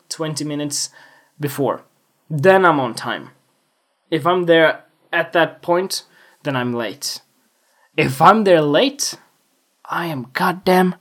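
A young man talks through a casual solo podcast on a desktop USB microphone. His voice sits at an everyday middle pitch. He rambles with restarts and self-mocking, jokingly boastful asides. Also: a bit bright. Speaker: podcast host.

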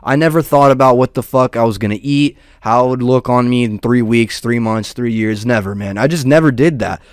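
A man's voice: mid-range voice, brisk, smooth, no room sound, clean studio sound. A young man rambling casually and profanely, peppering his talk with "dude" and "man". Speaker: podcast host.

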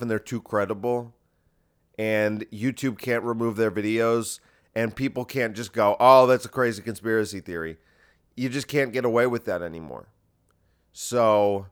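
A man hosting a podcast, talking in a rambling, crude and sarcastic monologue with frequent restarts. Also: medium pitch. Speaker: podcast host. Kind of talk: casual monologue.

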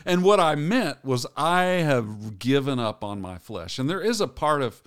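A middle-aged man with a mid-range voice co-hosts a casual faith podcast, his pitch rising and falling in lively swings. He tells stories in a loose, rambling way, often stopping to restart a thought. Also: a little slow, clean tone. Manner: rambling, storytelling, self-correcting. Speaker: podcast co-host.

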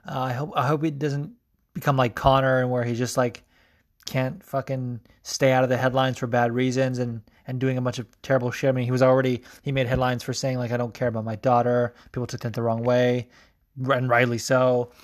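Young man, podcast host, loose rambling chat, lots of ums, casual cursing, mid pitch. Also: level tone, moderate pace. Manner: rambling, frequent ums and restarts, swears casually. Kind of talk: casual commentary on sports news.

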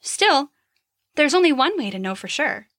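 A woman voicing a calm, sly goddess of love in a storybook podcast, speaking smoothly with a near purr. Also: sits high, normal speed, no echo, clean studio sound, voice pushed up, exaggerated voice. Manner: calm, purring.

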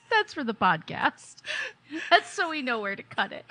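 A woman's voice: fairly high pitch, sing-song, normal speed, pushed and bright, a little hiss or hum, poor audio. A woman casually recapping a tabletop game session, chatty and laughing, with plenty of fillers and restarts. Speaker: player.

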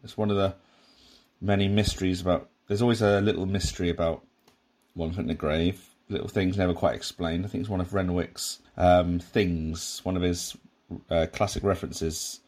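A man with a very low voice talks through a sitcom episode. His commentary is casual and rambling, full of restarts and side remarks. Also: steady tone, moderate pace, a little mellow. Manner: rambling, with many restarts and asides. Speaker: podcast host reviewing a sitcom.

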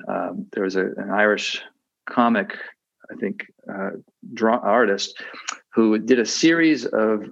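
A man gives an unhurried dharma talk as a meditation teacher, searching for words and restarting his sentences as he goes. His voice sits low. The recording sounds dull and slightly muffled. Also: vocal fry. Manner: reflective, hesitant with fillers and restarts.

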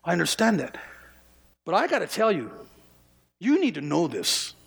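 Male pastor, emphatic sermon delivery with stammering repeats; gravelly, long church reverb. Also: high voice, wildly swooping pitch, moderate pace.

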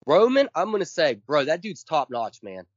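A man's voice: fairly high pitch, very animated, moderate pace, no echo. A man co-hosting a podcast, ranting casually and emphatically with lots of swearing, counting off his points one by one. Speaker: podcast co-host. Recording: dull lo-fi dry sound.

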